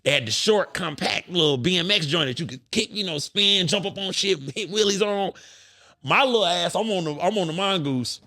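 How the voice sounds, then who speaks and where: A man in his thirties hosting a podcast, telling stories in an animated, profane, bantering way. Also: high voice, moderate pace, dry recording, studio quality. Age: 30s. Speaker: podcast host. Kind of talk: casual podcast chat.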